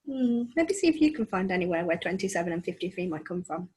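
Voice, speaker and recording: A woman teacher reads a chapter book aloud for children, expressive and engaging. Her pitch moves in a lively way and her voice has a soft, breathy edge. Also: quick pace. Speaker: primary school teacher. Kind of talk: storybook reading to children.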